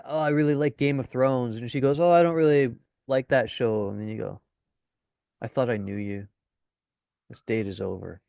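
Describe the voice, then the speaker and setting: A man teaching a casual webinar as a dating coach, chatty and swearing now and then, acting out deadpan lines. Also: medium pitch, no room sound.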